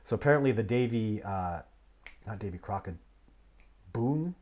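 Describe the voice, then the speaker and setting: A man hosting a casual live Q&A stream, telling long, digressive stories with many restarts. He swings between animated bursts and low, muttered asides. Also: normal speed, highs cut off. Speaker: livestream host answering viewer questions.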